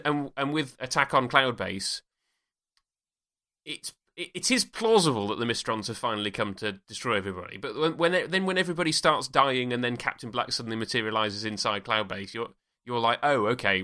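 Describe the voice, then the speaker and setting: A man's voice: mid-range voice, lively intonation, a little fast, sharp tone. A man co-hosting a podcast, chatting casually about a TV episode with frequent restarts and laughs. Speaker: podcast co-host. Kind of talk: casual chat.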